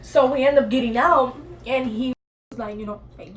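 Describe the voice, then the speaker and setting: A young woman telling a story in an animated, slangy way, acting out what people said. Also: high-pitched, normal speed. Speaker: guest storyteller. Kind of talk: casual storytelling. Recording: off-mic voice with faint noise.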